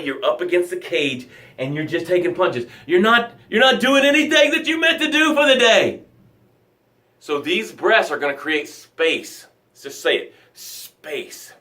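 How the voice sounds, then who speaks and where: High, bright-voiced male motivational coach. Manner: emphatic, preachy, calls listeners 'tribe'; swings from loud bursts to hushed lows. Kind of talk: motivational daily broadcast.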